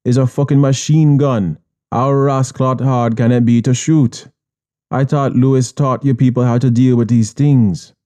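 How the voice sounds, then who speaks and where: A man's voice: mid-range voice, fairly even intonation, normal speed, warm tone, pitched above the performer's own voice, natural voice. A man voicing an arrogant Jamaican Syrian boss who berates and sneers with constant swearing, in an audiobook. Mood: berating. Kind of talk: audiobook character voice.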